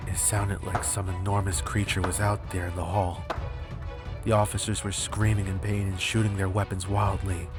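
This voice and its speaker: A man with a low voice narrates a horror story in a steady, suspenseful way. Loud music plays underneath his reading. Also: moderate pace.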